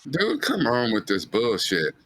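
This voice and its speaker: A man's voice: medium pitch, huge pitch swings, a little slow, a bit bright. A man co-hosting a reaction video, chatting casually in a blunt, joking, slangy way and swearing freely. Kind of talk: casual chat reacting to a TV episode.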